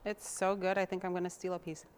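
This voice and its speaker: A woman's voice: lowish voice, little pitch movement, quick pace, slight background noise. A young woman hosting a TV cooking show, chatting in a homey way while she chops and mixes. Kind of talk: casual cooking demonstration.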